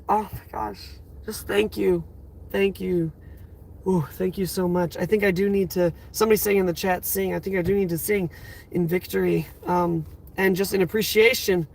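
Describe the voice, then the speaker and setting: A man's voice: high voice, fairly even intonation, normal speed, vocal fry. A young man in his twenties hosting a live stream from his car, emotional and teary, with exclamations that keep tumbling out. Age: 20s. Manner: emotional, overwhelmed, repeating exclamations. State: teary, near crying. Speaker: livestream host. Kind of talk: casual live-stream chat. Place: inside a parked car.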